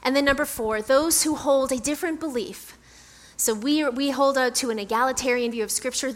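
In an echoey church sanctuary, a woman pastor with a fairly high, slightly bright voice gives a conversational sermon. She tells a story in a chatty, self-deprecating way.

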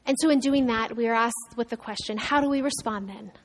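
Delivering a sermon briskly, this woman pastor has a clear, fairly high voice. She talks conversationally, restarting and adding asides, and swings from emphatic, raised moments to quiet, hushed ones.

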